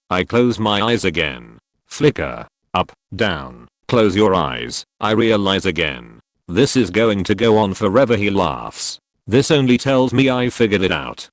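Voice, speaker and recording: A young man reading a first-person account aloud in measured scripted narration, dropping to a hush on repeated refrains. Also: no echo, clean studio sound. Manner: low, measured, drops to a hushed tone for repeated refrains. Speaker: narrator reading a trip report.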